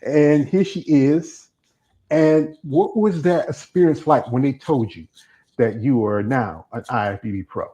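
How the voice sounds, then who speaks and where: A man's voice: mid-range voice, unhurried, mellow, lo-fi sound. A man with a Northern US accent and a slight Southern twang, hosting an interview in a loose, rambling, chatty way. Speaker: interview host. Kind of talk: casual interview chat.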